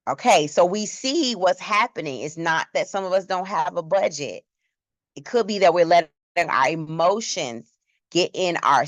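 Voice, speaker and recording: A woman's voice: deep voice, dry recording. A woman teaching a church Bible class in a conversational way, asking the class questions.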